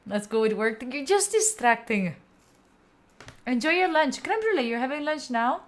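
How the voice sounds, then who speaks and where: This young Italian woman's voice is high and sing-song, paced moderately and shaped by her accent. As host of a study stream, she reads comments during breaks in the work and chats back to viewers in a giggly, playful tone.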